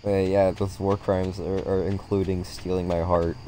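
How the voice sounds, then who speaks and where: A young woman streaming a game, chatting casually and excitably and swearing often. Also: rumbling low, normal speed, a little hiss or hum. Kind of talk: casual gaming stream chat.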